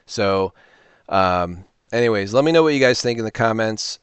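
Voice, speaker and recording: A man hosting a reseller channel, chatting casually and telling a rambling, animated story with quoted voices. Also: lowish voice, normal speed, smooth, no room sound. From Illinois, US. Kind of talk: casual talking-to-camera vlog.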